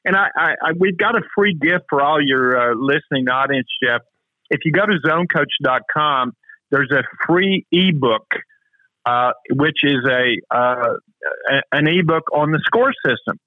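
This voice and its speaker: Emphatic coach on a tinny line. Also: male voice, on the high side, no echo. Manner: emphatic, rapid-fire rhetorical questions. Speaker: performance coach guest. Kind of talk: motivational interview talk. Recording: tinny phone-like remote line.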